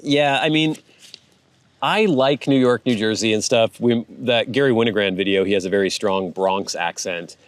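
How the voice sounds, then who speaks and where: A rambling, chatty man with a somewhat low voice hosts a casual show and reads viewer comments aloud. He laughs often and wanders from point to point. The recording is dry and close, with no room sound. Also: normal speed, no room sound. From United States. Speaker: host reading viewer comments. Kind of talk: casual chat.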